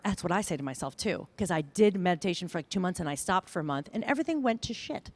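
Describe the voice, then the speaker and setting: Middle-aged woman, conference keynote, lively swooping delivery, mimics people, dry sound. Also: medium pitch, fast talker, dry recording. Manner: animated, self-deprecating, mimics voices. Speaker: conference speaker. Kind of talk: keynote talk.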